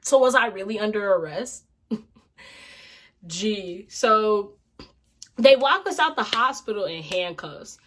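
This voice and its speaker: A woman vlogger telling a casual storytime tale in an animated, slangy, expressive way. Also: medium pitch, slow pace, pauses often.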